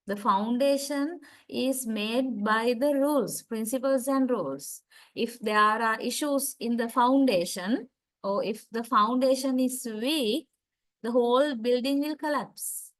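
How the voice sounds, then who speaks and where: A woman teaches a class over a video call, taking her time and pausing to ask whether her students are following. Her voice sits a little high, and she moves unhurriedly from point to point. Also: low-quality recording. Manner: slow, deliberate explaining with frequent "right?" and "uh" checks. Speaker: lecturer. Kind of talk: online university lecture.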